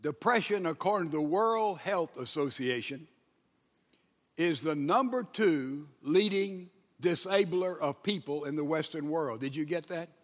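Slow high-voiced male pastor preaching. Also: lively intonation, big-room sound. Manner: leads congregation in reading and prayer. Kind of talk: sermon. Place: church sanctuary.

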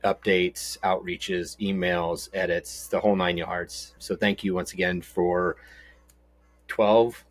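A middle-aged man from Texas with a very low, deep voice, chatting loosely on a podcast. He rambles through stories with a joking, easygoing manner, and his voice sounds close and dry with no room echo. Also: little pitch movement, a little slow, few pauses. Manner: rambling, storytelling, jokey. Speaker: podcast co-host. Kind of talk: casual podcast chat.

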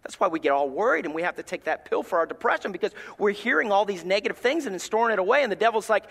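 A man preaching a sermon as associate pastor, folksy and animated, joking with his congregation. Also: high-pitched, racing, big-room sound. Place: church sanctuary.

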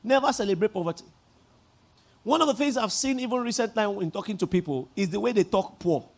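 A man with a Nigerian accent preaching a sermon as pastor, emphatic, leading the congregation in repeating lines and rising to shouts. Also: high-pitched, animated, a little fast.

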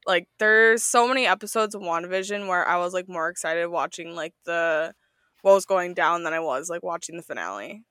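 A woman co-hosting a podcast, chatting in a relaxed way with frequent laughs. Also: on the low side, a little fast, no room sound, clean studio sound. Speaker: podcast co-host. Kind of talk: casual chat review.

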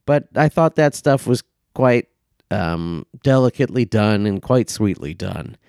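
A man's voice: fairly low pitch, expressive, a little slow, gravelly, darkish tone, clean tone, no echo, studio quality. A man co-hosting a comedy movie podcast, rambling through a casual review with lots of ums and profane outbursts. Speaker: podcast co-host.

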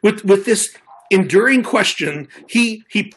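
A man's voice: sits high, animated, a little slow, a bit bright, breathy edge. A man preaching a sermon, earnest and conversational, often restarting his words as he reads and explains scripture. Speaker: pastor.

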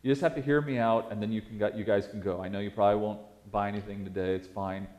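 A man voicing a smooth, pushy male timeshare salesman who murmurs quick, coaxing reassurances. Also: lowish voice, fairly even intonation, a little mellow, reverberant, a little hiss or hum, pitched below the performer's own voice, lightly acted.

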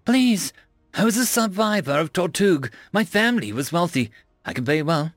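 A man's voice: sits high, very animated, moderate pace, no room sound, soft background music, voice pushed up. A man voicing a sickly sweet scheming pixie girl. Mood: sugary pleading. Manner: sugary, mocking, fake-innocent pleading.

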